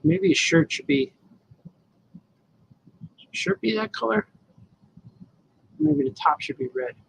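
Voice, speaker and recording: Gravelly cartoonist chatting as he draws. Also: extremely high pitch, huge pitch swings, slow pace, rough recording. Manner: rambling, talks to the viewers as he works. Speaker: cartoonist livestreaming his drawing. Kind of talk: casual live commentary while drawing.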